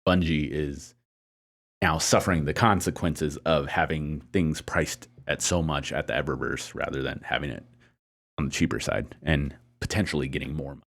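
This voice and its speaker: A man co-hosting a casual podcast discussion, talking in a hesitant, measured way with frequent fillers and restarts. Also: a bass voice, fairly even intonation, gravelly, fairly bright tone. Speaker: podcast co-host.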